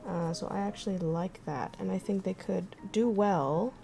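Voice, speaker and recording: A woman's voice: medium pitch, moderate pace, vocal fry, dark tone, soft background music. A young woman streaming, thinking aloud and chatting casually with her viewers as she works. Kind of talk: casual livestream chat while crafting.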